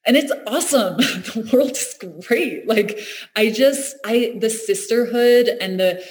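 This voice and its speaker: A woman's voice: a little high, a little slow, a little mellow. A woman talking in a reflective, earnest way, often laughing and restarting her sentences. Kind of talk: reflective casual conversation.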